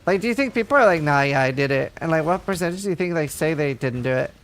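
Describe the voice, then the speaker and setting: Male streamer, casual and rambling, talking to chat while playing, voice a bit high. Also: sing-song, rapid-fire, slight background noise. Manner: rambling, lots of filler "like".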